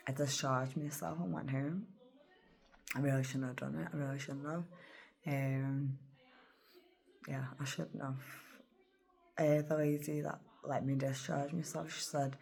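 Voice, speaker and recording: A woman's voice: deep voice, steady tone, unhurried, creaky, a little mellow. A woman telling a personal story in a rambling, emotional vlog, often dropping to a whisper. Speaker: vlogger.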